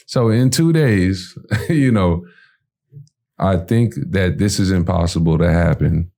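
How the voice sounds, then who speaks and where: His voice is low and gravelly, and he talks a little slowly. Recounting a personal anecdote casually, he animatedly voices both his own lines and those of others, with plenty of filler words.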